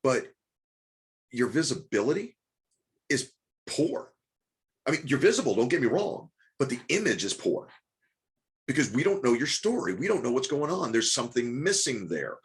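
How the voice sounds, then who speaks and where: A man leads a group coaching call in a mid-pitched voice. He talks fast, restarts his sentences and keeps pressing the group with rhetorical questions. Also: very animated. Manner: rapid, repetitive restarts, coaxing and rhetorical questions. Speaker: business coach.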